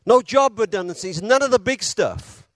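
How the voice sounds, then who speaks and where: A man preaching a sermon, telling a story with dramatic pauses and retelling quotes with feeling. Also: sits high, animated, no room sound.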